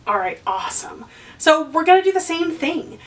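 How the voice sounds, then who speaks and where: A woman's voice: high voice, very animated, normal speed, far from the mic, rough recording. A woman hosting a lesson for kids, encouraging and asking the viewer questions. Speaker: children's educator and host.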